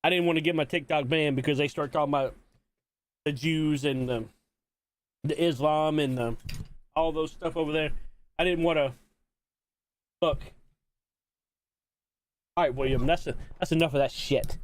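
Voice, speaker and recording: A man's voice: on the high side, fairly even intonation, moderate pace, pauses often, slight background noise. A man from Mississippi, chatting casually to viewers while hosting a live-stream watch party, rambling and repeating himself.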